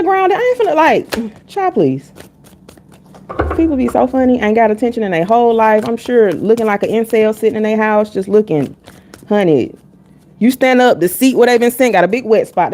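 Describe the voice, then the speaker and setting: A woman's voice: a little high, mellow, slight background noise. A woman reading tarot on a live stream, talking casually and bluntly. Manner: candid and blunt, chatting with chat between readings.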